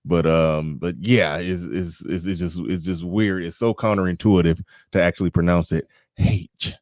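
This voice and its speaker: A man's voice: low-pitched, steady tone, normal speed, darkish tone, no echo. A man hosting a casual livestream chat, rambling and often restarting his sentences, into a studio mic with a pop filter. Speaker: host.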